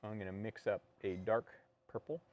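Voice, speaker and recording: A man co-hosting a painting tutorial, talking through each step in a relaxed, joking way. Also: on the low side, normal speed, muffled recording. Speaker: painting instructor and co-host.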